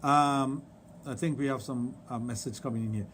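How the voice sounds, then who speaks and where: A man's voice: medium pitch, quick pace, a little hiss or hum. A middle-aged man with a Trinidadian accent hosting a radio talk show, telling stories emphatically and repeating his points. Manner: emphatic, storytelling, repeats phrases. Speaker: radio show host, sexologist. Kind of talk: casual radio chat.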